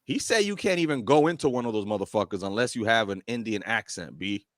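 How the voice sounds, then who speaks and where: A man co-hosting a reaction show, talking casually in lively slang. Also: fairly low pitch, fast talker, dry recording, studio quality. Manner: lively, slangy, laughs often.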